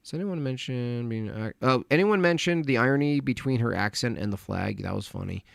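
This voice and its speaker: A man's voice: mid-range voice, lively intonation, fairly quick, gravelly, no echo, clean studio sound. Man rambling through a casual livestream. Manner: rambling, distracted, mutters to himself. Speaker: livestream host reading chat donations.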